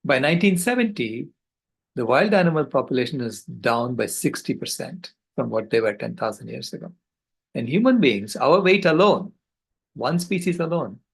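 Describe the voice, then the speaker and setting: An older man on a video call, giving a passionate, earnest storytelling talk with halting restarts. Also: medium pitch, expressive, vocal fry, husky, rough recording. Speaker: conference speaker.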